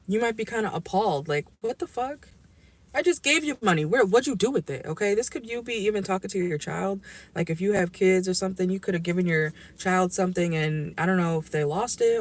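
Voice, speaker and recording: A tarot reader in a car giving a casual, rambling and blunt reading to viewers, swearing freely. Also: mid-range voice. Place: inside a car.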